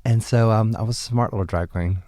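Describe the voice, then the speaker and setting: A man guest, a drag performer, telling stories in a casual interview with a lively, campy manner and bursts of laughter. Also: fairly quick, dry recording. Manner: animated, campy, laughs often, jumps up in pitch.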